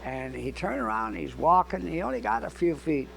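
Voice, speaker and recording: Gravelly older man telling stories. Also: on the high side, moderate pace, crowd noise, low-quality recording. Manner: animated storyteller who acts out dialogue. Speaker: interview guest. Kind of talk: anecdotal storytelling.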